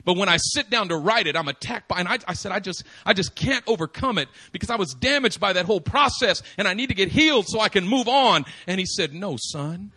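Male preacher delivering a sermon; high-pitched, emphatic, moves between quiet asides and loud repeated points. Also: lively intonation, fast, few pauses. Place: church service.

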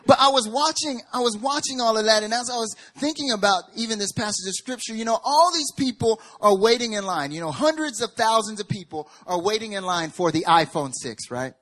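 A pastor preaching a sermon in an animated storytelling way, dropping to hushed lines and rising to loud ones. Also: male voice, high voice, a little fast, hardly any pauses. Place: church service.

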